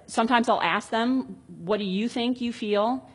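Husky-voiced woman talking about parenting. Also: fairly high pitch, steady tone, normal speed, few pauses. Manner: reads out example dialogues, chatty and reflective. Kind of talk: casual explanatory talk on parenting.

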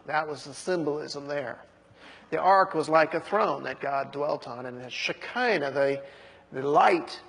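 A man preaching a sermon, who breaks into high, jeering voices when acting out mockers. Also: slightly rough, long reverb tail.

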